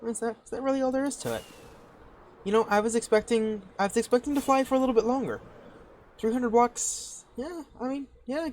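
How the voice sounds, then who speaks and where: A woman giving casual gameplay commentary as a channel host. She talks excitedly, thinking aloud and restarting her sentences. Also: fairly high pitch, brisk, a little hiss or hum.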